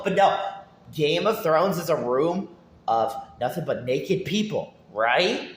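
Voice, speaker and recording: A high-voiced man rants to his viewers, his pitch jumping all over as he rambles, stumbles over repeated words and keeps breaking into laughter. The sound is echoey, as if recorded in a bare room. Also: very animated, measured pace. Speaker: gaming YouTuber.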